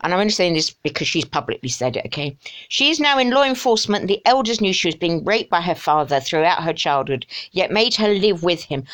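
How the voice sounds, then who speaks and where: A woman's voice: lowish voice, lively intonation, brisk, a bit bright. A middle-aged woman delivering an emotional, exasperated rant to camera, with sighs and mocking asides. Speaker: vlogger.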